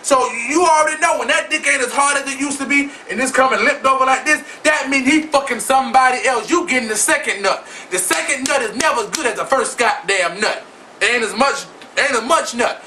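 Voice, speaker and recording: A man with a very high, sharply bright voice rants about celebrity gossip in a sassy, flamboyant, profane way, talking straight to his viewers. He sits a little back from the mic, with a faint room hum underneath. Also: a little fast, recorded from a distance, rough recording. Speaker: vlog host.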